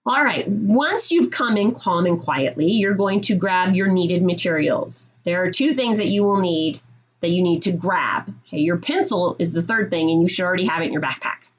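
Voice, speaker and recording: A woman's voice: on the low side, animated, normal speed, muffled recording. Firm teacher woman laying down rules. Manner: firm, direct, repeats "okay?". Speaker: middle school teacher. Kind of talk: classroom rules talk to students.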